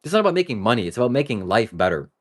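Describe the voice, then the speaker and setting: A man's voice: mid-range voice, sing-song, rapid-fire. A man talking to his live-stream viewers in a rambling, casual way that swings between joking and earnest. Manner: talks straight to viewers. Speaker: livestreamer.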